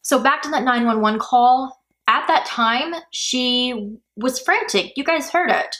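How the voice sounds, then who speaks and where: A woman's voice: high-pitched, unhurried, pushed and bright. A woman hosting a true crime podcast, going through a case in a chatty, speculative way with lots of "like" and "you know.". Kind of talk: casual true crime narration. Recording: faulty mic audio.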